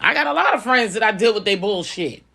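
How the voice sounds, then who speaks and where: A middle-aged woman talks through her advice in a casual, blunt way, pressing each point and circling back to it. Her pitch swings up and down a lot as she speaks, and the middle of her range sits at an ordinary height. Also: lively intonation, fast talker, vocal fry, bright, forceful tone, husky. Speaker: business owner.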